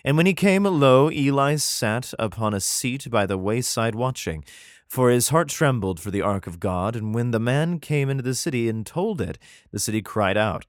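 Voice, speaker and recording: A man's voice: medium pitch, expressive, normal speed, no echo, clean studio sound. Irreverent man reading scripture with crude asides. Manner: crude, sarcastic commentary between archaic verses. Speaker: host reading scripture aloud.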